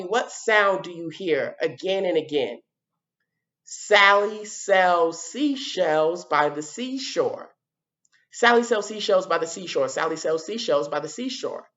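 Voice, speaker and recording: Animated woman teaching young children. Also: mid-range voice, dull audio. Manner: animated, sounds out letters, repeats words slowly for children. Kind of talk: children's lesson on video.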